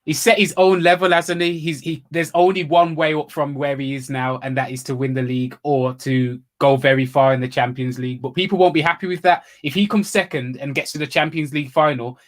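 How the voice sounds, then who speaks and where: A man's voice: a little high, fairly even intonation, a little fast, hardly any pauses. A man co-hosting a casual live football talk show, agreeable and hedging, posing what-if questions. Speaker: podcast co-host.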